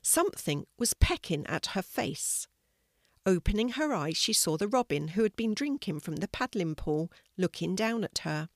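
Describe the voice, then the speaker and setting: An older woman reading a children's story aloud in a gentle, measured way. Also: medium pitch, big pitch swings, no echo, clean studio sound.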